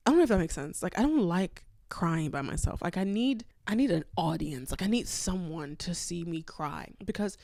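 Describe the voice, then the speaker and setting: A woman hosting a solo podcast, telling personal stories candidly and expressively, jumping from loud bursts to hushed asides. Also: lowish voice, animated, moderate pace, gravelly, few pauses, no echo, clean studio sound. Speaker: podcast host.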